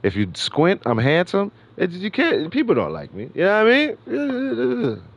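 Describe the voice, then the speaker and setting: A man's voice: high-pitched, huge pitch swings, unhurried, gravelly, muffled recording. A middle-aged man from New York City hosting a gaming livestream, rambling in slangy casual chat and laughing often. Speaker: livestream host.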